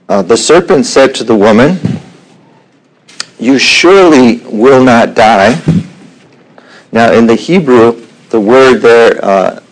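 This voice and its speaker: A middle-aged man teaching a Bible lesson in an unhurried way, with frequent fillers and the odd throat clearing. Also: fairly low pitch, poor audio.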